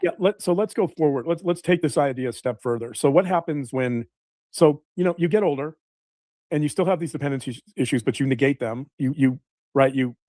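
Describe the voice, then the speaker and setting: A man on a podcast lays out a psychological idea in a lecturing tone, stumbling and restarting as he goes. He talks very fast in a fairly high voice, and the sound is close and dry. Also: a little mellow, no room sound. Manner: lecturing, repeats and restarts words. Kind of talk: explanatory podcast talk.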